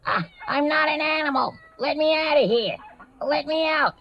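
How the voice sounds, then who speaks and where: A man voicing a cheeky male wooden ventriloquist dummy that protests in a high, squawky voice. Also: normal speed, dull audio, crowd noise. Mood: indignant.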